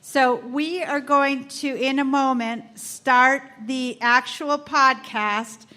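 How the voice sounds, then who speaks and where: High-voiced bubbly woman host. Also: fairly even intonation, slow pace, sharp tone. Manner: bubbly, laughs often. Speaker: podcast host. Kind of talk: live event speech. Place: event room with live audience. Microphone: handheld microphone.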